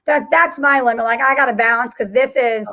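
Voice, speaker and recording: A woman co-hosting a chat podcast, her voice high and bright. She rambles in loose, slangy talk and drops dry, teasing jabs at her co-host. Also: moderate pace. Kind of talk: casual chat.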